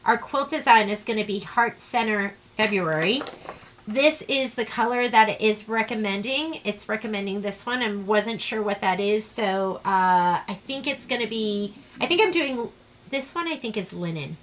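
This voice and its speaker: Bright, chatty woman sewing instructor. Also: medium pitch, normal speed, a little hiss or hum, low-quality recording. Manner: chatty, rambling, self-deprecating. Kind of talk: live online sewing class.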